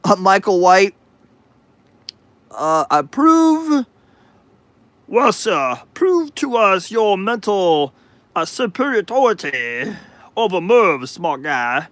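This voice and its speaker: Livestream host, male, sarcastic and foul-mouthed, slow with lots of uhs, lively pitch, bright dry sound. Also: no echo. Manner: sarcastic, profane, hesitant with many uhs. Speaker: livestream host reading chat. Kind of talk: crude livestream chat reading.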